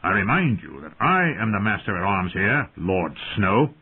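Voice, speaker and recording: A man's voice: on the low side, big pitch swings, moderate pace, breathy edge, heavily acted. A man doing a cold, mocking master-at-arms. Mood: scornful. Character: cold, sharp older male master-at-arms. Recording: tinny phone-like audio.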